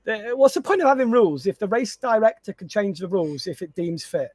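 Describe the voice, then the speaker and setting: A man, a podcast co-host telling stories in casual chat, animated and laughing often with frequent restarts. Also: sits high, fairly quick, dry recording, studio quality. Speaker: podcast co-host and content creator.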